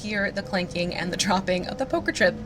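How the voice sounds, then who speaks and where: A woman's voice: medium pitch, fairly quick, music in the background. A woman hosting a crafting video, chatting casually and poking fun at herself for rambling. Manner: chatty and self-mocking, hums and rambles. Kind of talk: casual chat.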